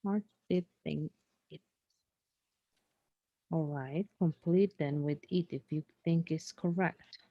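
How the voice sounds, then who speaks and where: A woman teaches English one on one online, guiding a student through a reading. She speaks slowly and patiently in a slightly low voice and politely corrects his grammar. The sound is dry and close. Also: no echo, highs cut off.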